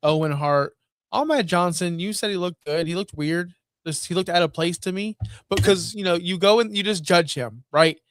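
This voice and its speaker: A man co-hosting a podcast, talking in a relaxed, conversational way and working out his thoughts aloud. His voice sits a little high. The sound is dry, with no room echo. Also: moderate pace. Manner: conversational, thinks aloud with fillers. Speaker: podcast co-host. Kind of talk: casual wrestling podcast chat.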